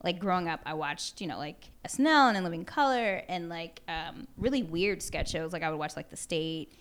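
A woman's voice: on the low side, a little fast, slight background noise. A woman in a casual chat, telling a story with lots of fillers. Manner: animated storyteller, many fillers, laughs often. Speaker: guest.

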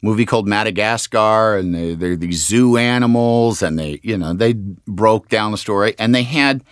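A man's voice: fairly low pitch, moderate pace, clear, resonant tone, no echo, clean studio sound. A man, a voice actor, telling a rambling story in a casual interview, correcting himself and acting out quotes. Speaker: voice actor guest.

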